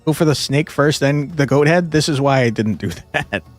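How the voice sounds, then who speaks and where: A man's voice: mid-range voice, normal speed, soft background music. A man streaming a card game, giving casual gameplay commentary, often exasperated, swearing and laughing.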